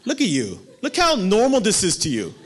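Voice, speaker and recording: A man preaching a sermon in a playful, animated way, acting out the people in the story and laughing often. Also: high voice, brisk.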